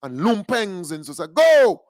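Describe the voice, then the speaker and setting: Fiery high-voiced Grenadian man ranting. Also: very animated, unhurried, darkish tone, dry recording, clean studio sound. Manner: fiery, mocking and combative rant. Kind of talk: political radio commentary.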